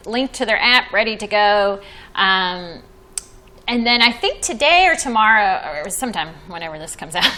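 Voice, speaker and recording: A woman's voice: mid-range voice, pushed and bright, poor audio. A woman hosting a podcast as a vacation planner, chatting casually and laughing often while she explains plans. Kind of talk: casual chat.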